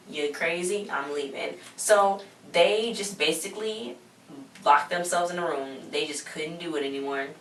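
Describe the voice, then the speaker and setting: A young woman recapping a TV episode in casual chat, quoting characters with animated asides. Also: fairly low pitch. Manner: chatty, quotes characters in exaggerated asides. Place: home in a hot desert city. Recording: roomy, distant mic with faint hiss.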